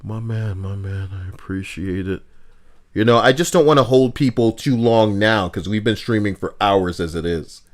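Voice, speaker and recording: A man live-streaming with a co-host, talking casually, animated, swinging from loud outbursts to muttering and swearing often. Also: lowish voice, normal speed.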